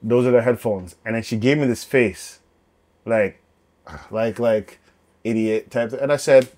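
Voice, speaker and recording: A man co-hosting a casual podcast chat, telling animated stories of retail customers. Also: medium pitch, a little slow. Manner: animated storyteller who acts out retail customers. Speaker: podcast co-host.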